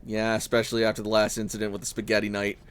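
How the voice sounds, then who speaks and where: In a clean, fairly low-pitched voice, a male streamer delivers rapid-fire, casual commentary while playing a game. He rambles animatedly and tells jokey stories along the way.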